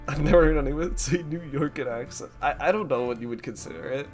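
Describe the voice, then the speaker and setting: A man's voice: on the high side, quick pace, over music. A man giving casual commentary while streaming a game, amused and laughing often. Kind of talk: casual let's-play commentary.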